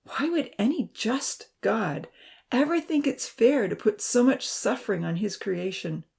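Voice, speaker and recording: A woman's voice: a little high, expressive, unhurried, creaky, a little mellow, slightly rough, pitched above the performer's own voice, exaggerated voice. A woman voicing a skeptical, grumbling male professor who is sarcastic in a storybook reading.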